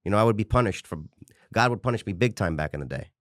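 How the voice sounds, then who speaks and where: Man in his 40s, fitness coach, lowish voice, earnest rambling storyteller, dry sound. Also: lively intonation, fast, no room sound. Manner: passionate, rambling, with restarts and swearing. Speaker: interview guest, fitness coach. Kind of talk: candid personal storytelling.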